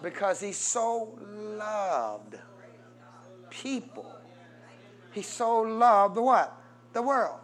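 A man preaching a sermon as pastor, calling out to the congregation for answers and swinging between loud peaks and soft low passages. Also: expressive, extremely slow, long pauses. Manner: call-and-response preaching, prompting the congregation.

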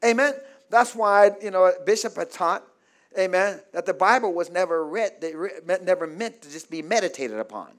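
A man with a very high voice preaches a sermon in call-and-response style. He keeps asking "what?" so the congregation fills in the word, and he moves between loud shouts and quiet murmurs. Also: animated, moderate pace. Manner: call-and-response, asks the congregation to fill in words.

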